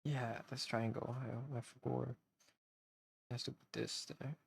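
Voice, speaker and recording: A man's voice: medium pitch, flat delivery, moderate pace, creaky, husky, no echo. A man chatting casually on a live stream while he draws, rambling and goofy, with hiccups.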